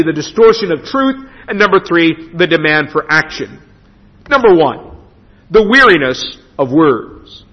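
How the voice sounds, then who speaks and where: A man preaching a sermon as pastor in a church, emphatic with dramatic pauses. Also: a little high. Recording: dull lo-fi sound with long hall reverb.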